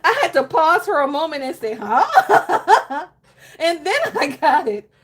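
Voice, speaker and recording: High, lively, giggly woman vlogger. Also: normal speed. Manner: giggly, keeps breaking into laughter; expressive, exclaiming. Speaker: planner vlogger. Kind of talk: casual chat to camera.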